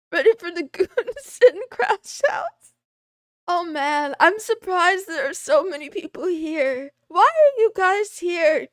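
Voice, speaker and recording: A woman's voice: very high-pitched, a bit bright, dry recording, studio quality. A woman streaming live, greeting viewers by name and chatting casually with frequent giggles. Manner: giggly, playful, reads chat names aloud. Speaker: VTuber streamer.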